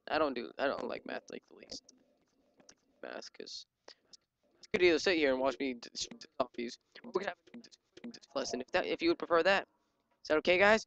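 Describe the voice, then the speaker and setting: A gaming channel host giving excitable live commentary while playing, yelping and joking at enemies. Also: mid-range voice, a little fast, gravelly, pauses often, no echo, highs cut off. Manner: excitable, yelps and jokes at enemies. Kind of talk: live let's-play commentary.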